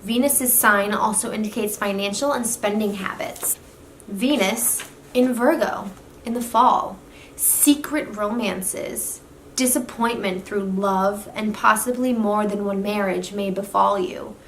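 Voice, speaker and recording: A young woman chatting casually to her viewers, her voice sitting at a middle pitch. She is quick to say "literally" and "like" as she talks. The room around her is echoey, with a faint hiss behind. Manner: chatty, says "literally" and "like" a lot. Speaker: astrology vlogger. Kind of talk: casual talk to camera.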